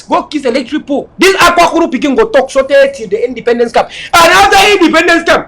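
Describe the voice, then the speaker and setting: Fiery middle-aged Cameroonian man, high bright voice, shouts his political speech. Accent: Cameroonian English. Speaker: political leader.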